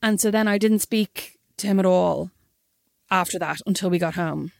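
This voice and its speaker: A woman's voice: on the low side, moderate pace, gravelly, no echo, studio quality. A young Irish woman, a podcast co-host, telling a story in casual chat and acting out the quotes.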